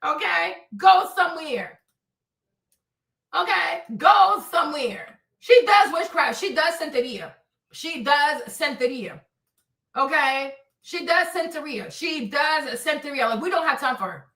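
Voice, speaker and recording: A woman hosting a livestream, gossiping loudly and dramatically, with shrieks, laughter and Spanish phrases mixed in. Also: sits high, animated, measured pace, echoey room, far from the mic, low-quality recording. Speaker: livestream host. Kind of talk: casual gossip commentary.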